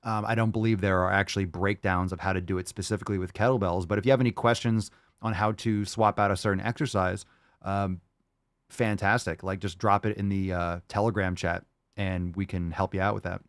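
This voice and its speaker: A man hosting a casual solo podcast, reading out fan posts with loud, jokey, profane energy. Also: low-pitched, fairly even intonation, a little fast, no room sound, clean studio sound. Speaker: podcast host.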